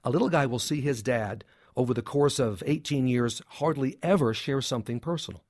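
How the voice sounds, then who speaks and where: A man's voice: medium pitch, a little fast, a little mellow, no room sound. Emphatic male psychologist, dry sound. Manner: emphatic, punchy short sentences with humor. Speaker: clinical psychologist, guest. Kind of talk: interview conversation.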